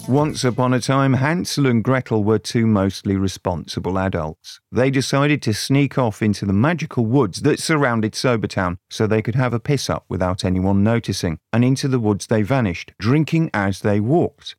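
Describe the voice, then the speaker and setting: A man's voice: lowish voice, lively intonation, normal speed, hardly any pauses, a little mellow, no echo, studio quality, faint music behind. A man narrating a crude mock fairy tale in a sardonic way. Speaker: storyteller.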